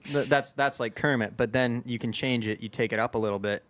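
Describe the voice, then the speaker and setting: A man's voice: mid-range voice, fairly even intonation, fairly quick, fairly bright tone. A young man hosting a podcast in casual chat, talking in a rambling, self-deprecating way with lots of fillers and restarts. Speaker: podcast host.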